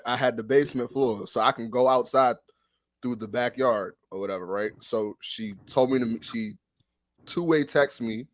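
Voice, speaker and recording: A man telling a long story in casual chat on a sports podcast, animated and profane, full of restarts. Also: medium pitch, no echo. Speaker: podcast co-host.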